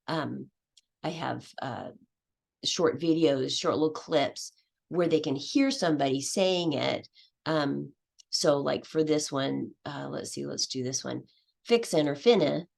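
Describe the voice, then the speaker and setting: A woman's voice: low voice, vocal fry. A woman giving a conference presentation on teaching, explaining step by step and acting out what her students say. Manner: explanatory, acts out student voices.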